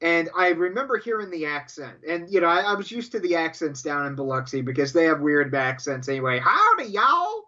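Man, podcast co-host, stammering, joking, bright tense voice, dull lo-fi sound. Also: fairly high pitch, a little fast, hardly any pauses. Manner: stammering, repeats words, jokey tall tales. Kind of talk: casual podcast banter. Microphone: headphones and studio mic.

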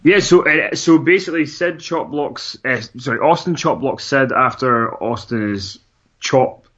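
A man's voice: medium pitch, measured pace, a bit bright. A man co-hosting a podcast, chatting casually and rambling with frequent laughs and restarts. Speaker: podcast co-host. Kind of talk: casual chat recapping wrestling. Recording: dull lo-fi sound.

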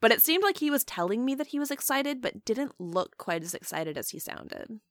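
A woman's voice: a little high, sing-song, moderate pace, no room sound. Wry, chatty woman with a dry sound. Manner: chatty, wry, lots of fillers and asides. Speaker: podcast co-host. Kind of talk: casual chat reviewing wrestling.

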